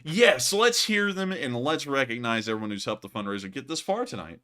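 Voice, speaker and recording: A man hosting a livestream, chatting casually and telling stories in an animated way. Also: medium pitch, fairly quick. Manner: animated storyteller, says y'all. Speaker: host of a war news livestream.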